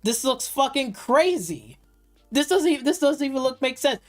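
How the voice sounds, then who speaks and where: A woman's voice: high-pitched, lively intonation, normal speed, faint music behind. A woman streamer delivering heated, profane gaming commentary on a live stream, repeating and restarting phrases as she rants.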